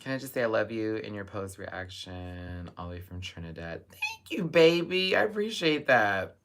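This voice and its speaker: A young man hosting a live stream, reading viewer comments and chatting casually, with sudden high exclamations and bursts of laughter. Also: sing-song, moderate pace, background noise.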